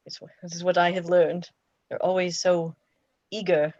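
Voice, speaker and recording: A weary old warrior delivers grave, proverb-like wisdom, as a woman puts him on for a tabletop game. The voice sits low and barely moves in pitch. The recording sounds dull and lo-fi. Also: flat delivery, moderate pace, a little mellow, no echo, natural voice. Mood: solemn. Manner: solemn, aphoristic.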